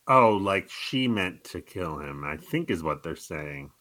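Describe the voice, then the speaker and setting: A man co-hosting a casual podcast, with a bright, forward tone. His pitch moves freely as he jokes, and he keeps breaking into quick mock voices for comic effect. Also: animated, dry recording. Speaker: podcast co-host.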